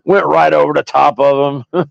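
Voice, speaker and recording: A man with a fairly high voice ranting to his stream audience, profane, mocking and combative. The sound is dry and close, with a slightly dull lo-fi quality. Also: steady tone, moderate pace, gravelly, no room sound. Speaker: stream host. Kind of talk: ranting monologue.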